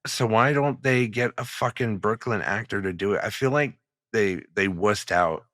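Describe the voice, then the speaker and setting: A man with a fairly low, fairly bright voice speaks at normal speed, recorded cleanly in a studio with no echo. He co-hosts a podcast in casual chat, speaking bluntly and swearing freely.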